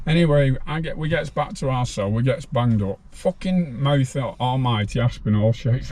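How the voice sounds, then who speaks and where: An older man tells his prison stories bluntly, swearing freely and laughing along. His voice is mellow and dark, and his pitch sits in an ordinary middle range. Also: animated, moderate pace, hardly any pauses, slight background noise. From Farnworth, northern England. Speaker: guest, former prisoner. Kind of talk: casual storytelling interview.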